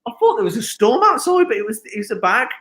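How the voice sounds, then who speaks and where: A man with a Birmingham accent hosting a live football watchalong, chatty and excitable, often shouting at the match. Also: very high voice, fast talker. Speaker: stream host.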